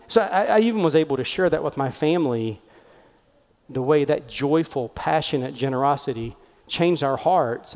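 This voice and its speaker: A man, a pastor telling a story in a sermon, animated and conversational, acting out the voices he quotes. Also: mid-range voice. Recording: long hall reverb.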